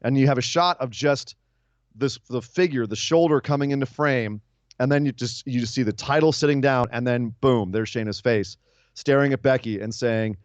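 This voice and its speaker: On a casual wrestling podcast, a male co-host recaps the action, animated and always ready to tease his partner and laugh. The recording is dry with the highs cut off, and his voice is medium in pitch.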